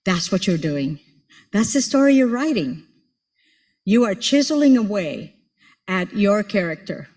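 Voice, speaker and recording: A woman's voice: medium pitch, very animated, a little slow, pauses often, darkish tone. A woman in her sixties giving a playful, teasing motivational speech to an audience, repeating words for emphasis. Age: 60s. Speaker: conference speaker. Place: large auditorium. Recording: long hall reverb in an auditorium.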